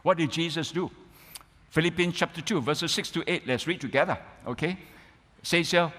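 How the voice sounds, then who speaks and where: Male pastor, emphatic sermon delivery, slightly raised pitch, reverberant sanctuary. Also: moderate pace. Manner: emphatic preaching, tag questions, builds to loud exclaims. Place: church sanctuary. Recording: reverberant church hall.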